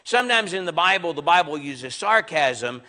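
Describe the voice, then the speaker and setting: A Southern-accented man leads a Bible class, his voice bright and sharp, ranging up and down with emphatic, conversational energy. He sits high in pitch for a man and drives his points home. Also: expressive, normal speed. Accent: Southern American. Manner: conversational, emphatic, acts out sarcastic quotes. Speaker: preacher.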